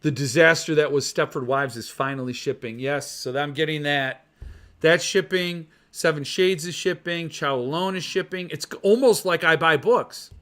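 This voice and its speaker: A man hosting a casual livestream, rambling and gushing excitedly while chatting with viewers. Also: fairly high pitch, normal speed. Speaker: podcast host. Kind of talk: casual livestream chat about book collecting.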